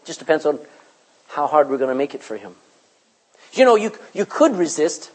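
Male pastor mid-sermon in a church, slightly husky tone. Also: fairly high pitch, moderate pace, low-quality recording. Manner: preaching with animated rises and soft drops.

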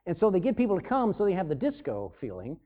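A man's voice: sits high, wildly swooping pitch, quick pace. A man preaching a sermon in a conversational way, acting out scenes in different voices. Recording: tinny phone-like sound.

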